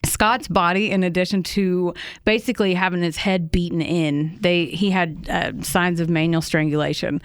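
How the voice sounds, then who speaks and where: A woman's voice: lowish voice, steady tone, normal speed, hardly any pauses, clean tone, dry recording, clean studio sound. A woman, co-hosting a true crime podcast and recounting a case in a casual, conversational way, with indignant, swearing asides. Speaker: podcast co-host telling a true crime story.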